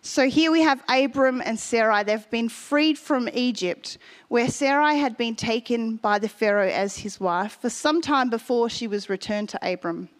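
A woman's voice: a little high, normal speed. A woman preaching a sermon, telling a personal story and asking the congregation questions.

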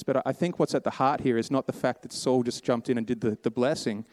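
Male pastor, casual sermon storyteller, mid pitch, dry close sound. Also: fairly even intonation, fast talker, a little mellow, dry recording. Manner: casual storytelling, acts out characters' quotes. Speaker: preacher.

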